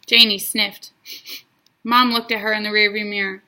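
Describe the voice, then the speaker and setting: A woman reading a children's book aloud in an expressive storytelling manner. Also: medium pitch, normal speed, long pauses. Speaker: reader.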